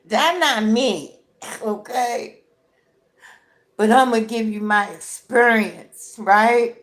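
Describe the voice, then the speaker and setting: A woman's voice: a little high, drawn-out words. A woman giving an emphatic motivational talk to camera while crying, often checking in with "right?". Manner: emphatic, repetitive, keeps asking "right?". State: tearful, crying while talking. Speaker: vlogger.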